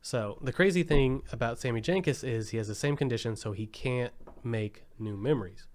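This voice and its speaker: A man co-hosting a podcast, casually retelling a movie plot in an animated way and leaning hard on "like.". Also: medium pitch, normal speed. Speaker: podcast co-host. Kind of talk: casual film chat.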